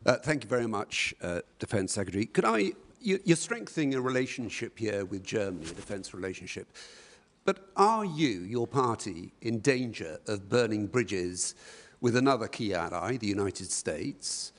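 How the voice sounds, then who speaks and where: A man's voice: lowish voice, very animated, moderate pace. A man, a reporter putting a long, probing question to ministers at a press conference.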